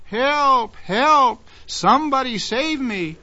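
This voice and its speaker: A man's voice: extremely high pitch, animated, takes it slowly, sharp tone, pitched above the performer's own voice, heavily acted. A man voicing a frightened little boy, Joey, who cries for help, in a dull lo-fi old recording. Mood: panicked.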